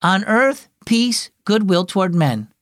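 A man's voice: sits high, expressive, takes it slowly, a bit bright, dry recording, studio quality, pitched above the performer's own voice, full character voice. A man voicing an earnest four-year-old girl in a children's story, stumbling over lines she is practicing.

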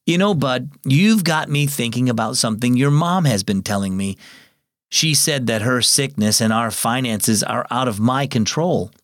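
A weary but kind father who speaks gently and reassuringly, as a man voices him in a story reading. His tone rises and falls with expression, and the sound is close and dry. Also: medium pitch, animated, moderate pace, no room sound, natural voice. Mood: gentle. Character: kind, tired, faithful father.

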